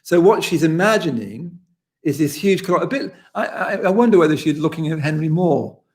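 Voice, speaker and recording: A man with a British accent, a poet leading a session, reading a poem slowly and then discussing it in quick, animated bursts. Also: a little high. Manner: reads slowly and deliberately, then talks fast and animated. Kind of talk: poetry reading and talk.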